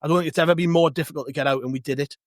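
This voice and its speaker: A man on a casual football podcast argues his point with growing energy, restarting phrases as he builds. His voice sits slightly high and sounds dry and close. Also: very fast, dry recording. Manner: animated, argumentative, restarts phrases. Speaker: podcast co-host.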